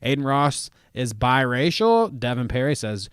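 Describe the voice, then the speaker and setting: A young man from Ohio hosts a laid-back live chat show, answering his viewers with dry sarcasm and laughter. His voice sits in an ordinary middle pitch. The sound is close and dry, with no room echo. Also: very animated, a little slow, fairly bright tone, clean tone. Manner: sarcastic and joking, laughs often, reads out viewer comments. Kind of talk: casual livestream chat.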